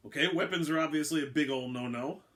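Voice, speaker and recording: A man voicing a sarcastic, wisecracking human astronaut who speaks in quick, dry jabs. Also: a little high, a bit bright, voice pushed up, close to an everyday voice.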